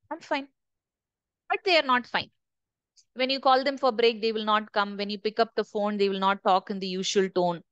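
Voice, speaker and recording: A middle-aged woman leads a corporate workshop. Her voice sits fairly high, and she keeps it conversational, turning to the group with questions. The sound is dry, with little room echo. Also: fairly bright tone. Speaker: corporate trainer. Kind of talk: workshop talk to a live group.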